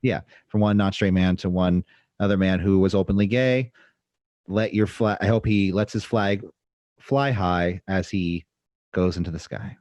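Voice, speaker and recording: Low-voiced man rambling on a podcast. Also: a little mellow, no room sound. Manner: rambling, halting, lots of fillers. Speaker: podcast co-host. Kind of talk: casual chat.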